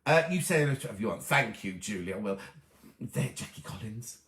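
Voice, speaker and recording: A man's voice: on the low side, animated, moderate pace, fairly bright tone, reverberant. A middle-aged man hosting a live sewing chat stream from a small room at home, cheerful and easily sidetracked while greeting viewers.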